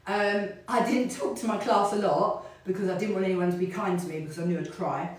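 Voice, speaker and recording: A woman's voice: mid-range voice, fairly even intonation, a little fast. A middle-aged woman, a fitness instructor, chatting in a rambling way while she hula hoops in her home studio. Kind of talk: casual chat while hula hooping. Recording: very echoey room, voice from a distance.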